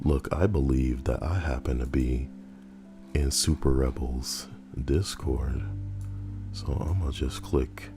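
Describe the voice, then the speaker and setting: A man's voice: rumbling low, takes it slowly, music in the background. A man hosting a live reaction stream, chatting casually and wryly and talking back to his viewers. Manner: wry, chatty, talks back to chat.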